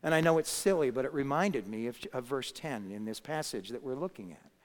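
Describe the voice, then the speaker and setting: Expressive and fairly quick, a pastor with a medium-pitched voice tells a story in his sermon, working up to emphatic moments. The hall gives the recording a long reverb.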